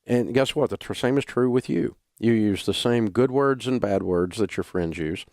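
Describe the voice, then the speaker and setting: A man's voice: lowish voice, moderate pace, a little mellow, dry recording, clean studio sound. An older man with a Southern US accent, a radio talk show host delivering a folksy, blunt, emphatic monologue. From Southern United States.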